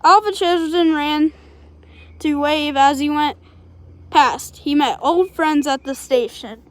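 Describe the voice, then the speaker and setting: A woman's voice: high-pitched, slow, no echo. A woman reading a children's storybook aloud in a plain, unpolished way, with small slips along the way.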